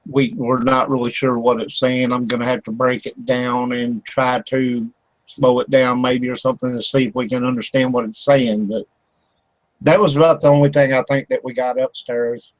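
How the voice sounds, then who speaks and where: A man's voice: mid-range voice, little pitch movement, moderate pace, dry recording, low-quality recording. A man hosting an internet radio talk show. He tells a rambling story with lots of fillers and laughter. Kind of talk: casual chat. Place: home studio for internet radio.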